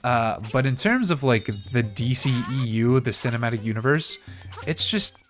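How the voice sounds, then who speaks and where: A man's voice: mid-range voice, animated, normal speed, faint music behind. A man from Canada chatting casually while he plays a video game, rambling with lots of fillers. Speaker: streamer playing a game. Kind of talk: casual gameplay commentary.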